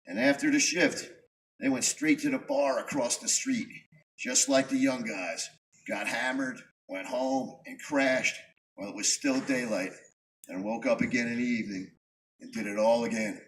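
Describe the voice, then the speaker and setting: A man from New York reading his own poems at a live show, in a dry, wry storytelling manner with punchy pauses. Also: medium pitch, a bit bright, slight background noise. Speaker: performance poet. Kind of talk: live spoken-word poetry reading. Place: live venue before an audience. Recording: distant mic, faint room ambience.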